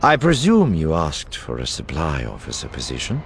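Man playing a cool, formal alien officer for an audiobook: deep, slow, precise. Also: wildly swooping pitch, gravelly, slight background noise, heavily acted. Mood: composed. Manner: measured, formal, unhurried. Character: calm formal male alien naval officer. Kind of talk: audiobook character voice.

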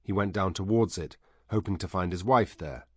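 Deep male narrator, calm steady reading, dry close sound. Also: moderate pace, breathy edge, dry recording. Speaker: audiobook narrator. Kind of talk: scripted narration.

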